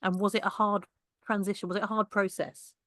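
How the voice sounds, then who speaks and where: A woman co-hosting a casual podcast, jokey and quick to laugh. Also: mid-range voice, flat delivery, a bit bright, no echo, clean studio sound. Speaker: podcast co-host, comedian.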